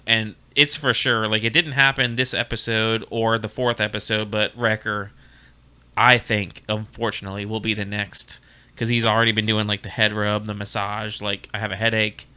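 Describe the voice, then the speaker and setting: Very bright, smooth-voiced man on a podcast. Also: on the low side. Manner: casual, peppered with "like" and quick asides. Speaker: podcast co-host. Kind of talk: casual fan discussion.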